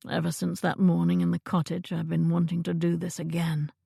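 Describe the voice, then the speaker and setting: An ardent young Regency earl in an audiobook, speaking low and intimately with earnest, gravelly warmth, as a woman narrator puts him on. The voice sits fairly deep and the recording is close and dry. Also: completely flat delivery, a little fast, no room sound, exaggerated voice. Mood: teasing. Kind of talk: audiobook character voice.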